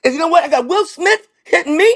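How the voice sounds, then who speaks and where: Brief: shrill, insistent comic-star impression, pushed way up high. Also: male voice, expressive, quick pace, a bit bright, full character voice. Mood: fired-up. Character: excitable famous male comedian, shrill and insistent.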